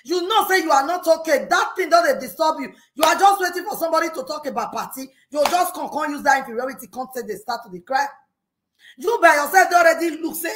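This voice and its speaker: A woman's voice: high voice, lively intonation, fast talker, fairly bright tone. A woman with a Nigerian accent ranting heatedly in pidgin, scolding unnamed critics. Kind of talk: ranting monologue.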